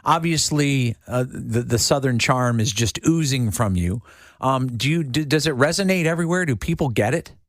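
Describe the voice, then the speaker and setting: A man co-hosts a radio show, speaking casually with light teasing. His voice is mid-pitched and sits dry and close to the mic. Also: animated, normal speed, no room sound. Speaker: radio co-host. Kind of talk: radio interview.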